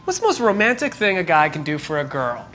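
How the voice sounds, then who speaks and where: Interviewer: brisk, upbeat man firing off quick questions, faint music under him. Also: a little high, wildly swooping pitch, bright, forceful tone. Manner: brisk, upbeat, laughs easily.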